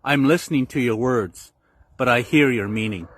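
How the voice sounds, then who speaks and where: A man giving a calm, heartfelt spoken message honoring Indigenous women. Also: medium pitch, normal speed.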